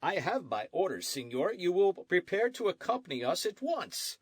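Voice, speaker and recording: For an audiobook, a man performs a blunt, stubborn army sergeant who curtly repeats his orders without budging, matter-of-fact in short, clipped lines. He pitches his voice above his own, high, husky and exaggerated, with big pitch swings at a moderate pace. The recording is dry and close, with no room sound.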